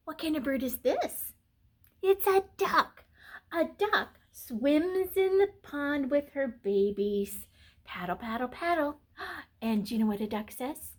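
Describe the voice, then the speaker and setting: A woman reading a children's picture book aloud, animated, with gasps, whispers and playful animal sounds. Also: sits high, slow pace, long pauses.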